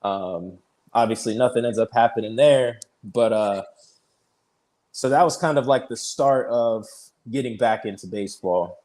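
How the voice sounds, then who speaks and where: A man in his thirties, a pitcher guest on an interview show, telling his story casually, peppered with "like" and easy laughs. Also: measured pace, darkish tone. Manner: chatty, fills speech with "like", retells conversations; laughs easily while telling stories.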